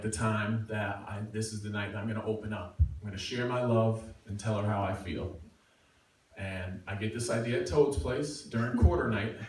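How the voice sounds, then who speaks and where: Self-mocking man telling a story in an echoey room. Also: fairly low pitch. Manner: self-mocking, animated, acting out quotes. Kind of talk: live personal storytelling. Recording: echoey room, far from mic, faint noise.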